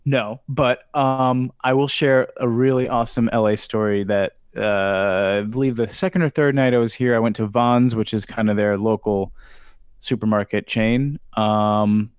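A man's voice: lowish voice, fairly even intonation, moderate pace, clean tone, no room sound, studio quality. A man from New York chatting casually as a podcast co-host and telling stories in a laid-back way. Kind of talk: casual chat.

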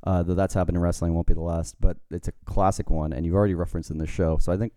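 A man co-hosts a podcast in a loose, joking, rambling way. His voice sits low and mellow, smooth and clear. The sound is dry and close. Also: flat delivery, very fast, dry recording. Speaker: podcast co-host. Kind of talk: casual chat.

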